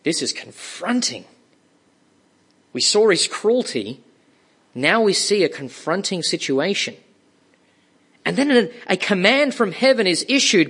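A man preaching a sermon, slow and emphatic, with dramatic pauses and repeated words for stress. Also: sits high, very animated, a bit bright, slightly rough.

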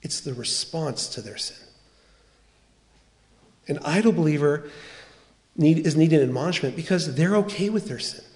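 A man preaching a sermon as pastor, earnest and animated, acting out quoted dialogue as he tells a story. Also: a little high, moderate pace, pauses often.

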